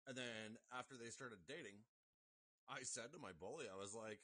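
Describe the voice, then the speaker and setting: A man's voice: mid-range voice, moderate pace, bright, forceful tone, dry recording. A man on a podcast telling rowdy stories in casual chat, swearing freely and laughing often. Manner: profane, laughing anecdotes. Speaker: podcast guest.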